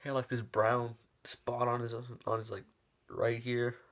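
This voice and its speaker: Young man, casual story-time vlog, rambling, filler-heavy, mid-pitched voice, acts out moves as he talks. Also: monotone, unhurried, a bit bright. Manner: rambling, full of "like" and restarts; shows moves with his hands as he talks.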